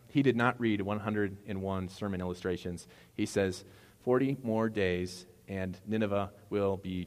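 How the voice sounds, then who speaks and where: A man's voice: fairly low pitch, a little mellow. A man preaching a sermon as a pastor, talking conversationally with playful asides. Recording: long hall reverb.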